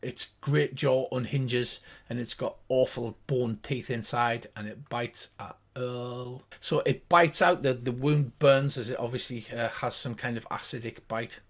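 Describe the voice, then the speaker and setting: Older man, game master, vivid descriptive narration, middle pitch. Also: measured pace, hardly any pauses, fairly bright tone.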